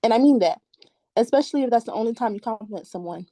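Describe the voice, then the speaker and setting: A woman performing spoken word poetry at an open mic over a video call, giggly when chatting and measured when reciting. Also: a little high, expressive, mellow, dry recording.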